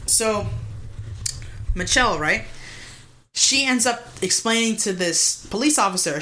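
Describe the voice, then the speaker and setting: A young woman co-hosting a podcast retells a true-crime case in a loose, profane chat peppered with "like" and "mind you." Her voice is lowish with a sharp tone.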